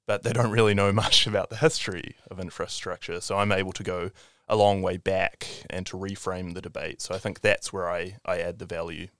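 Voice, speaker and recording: A man's voice: deep voice, a bit bright, no echo, clean studio sound. A man, a historian guest on a podcast, talking thoughtfully and often restarting his sentences. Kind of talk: conversational interview.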